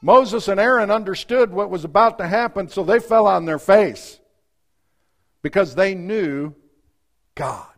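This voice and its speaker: High-voiced preacher with dramatic swings. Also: male voice, measured pace. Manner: dramatic, swings from loud outbursts to hushed asides. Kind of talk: sermon with scripture reading.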